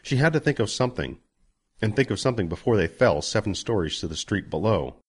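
A man narrating a story as an audiobook, expressive and giving each character a voice. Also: on the low side, quick pace, husky.

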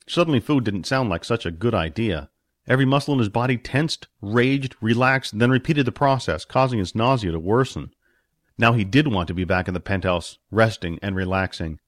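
A man's voice: on the low side, no echo. A man narrating a fantasy story expressively, voicing its characters. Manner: expressive, puts on character voices. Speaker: audiobook narrator.

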